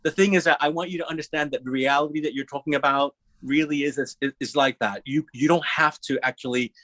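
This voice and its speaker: A man speaking on a panel in a casual, animated, profane way, acting out little quoted voices. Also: fairly high pitch, fast, dry recording.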